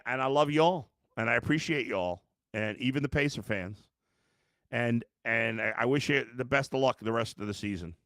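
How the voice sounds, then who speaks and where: A man's voice: medium pitch, a bit bright, no echo, clean studio sound. Exasperated sports podcast host, man. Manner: exasperated, blunt, profane, reads fan comments aloud. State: worn out and frustrated. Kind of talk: live-streamed sports reaction.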